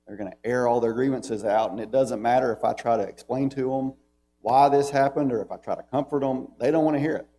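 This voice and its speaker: A man's voice: medium pitch, a little fast, dark tone, slight background noise. A man with a Southern American accent teaching a Bible class in a church, talking in a conversational way and reading scripture aloud with emphasis.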